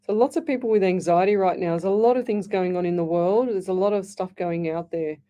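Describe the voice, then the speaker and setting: A woman with an Australian accent hosting a live psychic call-in radio show, chatty and quick to laugh. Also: fairly low pitch, dark tone, a little hiss or hum. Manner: chatty, laughs easily, reads messages aloud. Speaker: psychic medium radio host. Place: radio studio.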